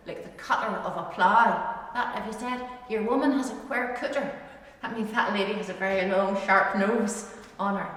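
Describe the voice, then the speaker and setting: A middle-aged woman with an Ulster accent gives a lively, informal lesson on dialect words, drawing out the words she demonstrates. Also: medium pitch. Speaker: tour guide teaching dialect words. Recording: echoey hall, distant mic.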